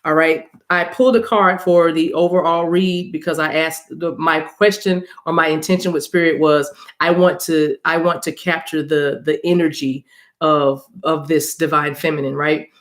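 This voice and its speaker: A woman's voice: low voice, steady tone, normal speed. A woman hosting a spiritual reading livestream on her phone, chatting casually with viewers, laughing, and calling them y'all. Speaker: spiritual reader and channel host.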